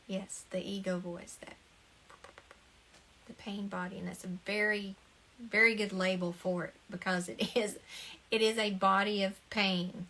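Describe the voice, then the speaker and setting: A woman's voice: mid-range voice, fairly even intonation, a little slow, pauses often, pushed and bright, a little hiss or hum. A woman giving an earnest, encouraging spoken talk about the ego, often repeating her phrases and laughing lightly. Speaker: spiritual talk host. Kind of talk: casual spoken talk on self-help.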